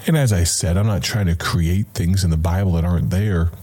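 A man's voice: sits low, fairly even intonation, fairly quick, dark tone. A man hosting a radio Bible program, preaching in an earnest, conversational way and speaking directly to the listener. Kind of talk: radio sermon.

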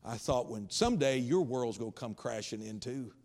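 A man's voice: medium pitch, expressive, moderate pace, darkish tone. A man preaching a sermon, retelling a story with rising intensity. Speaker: pastor.

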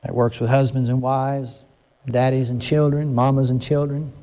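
Preaching with earnest feeling, the older pastor speaks at a moderate pace in a mellow voice that shows little pitch movement overall, except when emotion lifts it. He frequently cuts himself off and restarts.

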